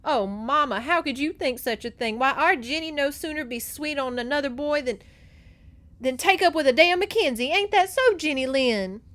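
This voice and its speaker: A sassy, scheming young woman who needles her older sister with sugary sarcasm, as a woman puts her on in a high, loud voice. Her voice climbs well above the storyteller's own and rings out with mock sweetness. Every line drips with a teasing edge. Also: expressive, moderate pace.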